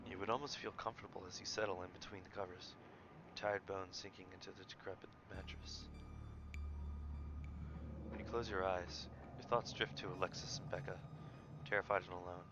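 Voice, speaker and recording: A young man streaming a story game, reading its text aloud and breaking into excited outbursts. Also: deep voice, fairly quick, pauses often. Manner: excitable, jumps between flat reading and loud outbursts. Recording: dull lo-fi mic with faint noise.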